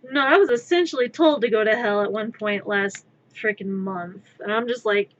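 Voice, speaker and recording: A woman's voice: medium pitch, measured pace, muffled recording. A woman streamer chatting casually while she crafts, rambling, wry and blunt, swearing now and then. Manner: rambling, wry, swears freely, swings to loud exclamations.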